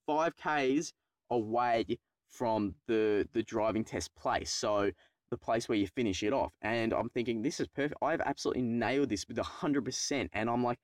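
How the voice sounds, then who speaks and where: With a mid-range voice at a moderate pace, a young Australian man tells a personal story about his driving test for his vlog. It's rambling, profane and self-mocking, and the recording carries no room sound.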